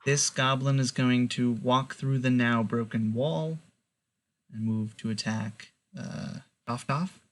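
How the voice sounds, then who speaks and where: A man running a tabletop game as game master, relaxed and loose, with lots of fillers. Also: medium pitch, takes it slowly.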